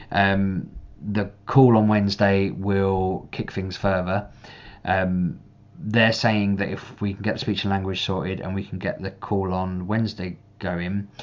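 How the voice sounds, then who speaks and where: A young man with a very low voice chats to camera at length, circling back and restarting his thoughts as he goes. He gets animated whenever he acts out a conversation. The recording sounds dull and slightly lo-fi. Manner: rambling, restarts often, animated when reenacting. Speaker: parent vlogger. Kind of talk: casual chat to camera.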